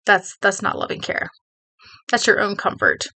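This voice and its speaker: A woman's voice: mid-range voice, very animated, moderate pace, bright, forceful tone. A woman talking to her viewers, giving earnest advice in a rambling way, with many restarts and "you know"s. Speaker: video creator. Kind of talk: casual advice talk to camera.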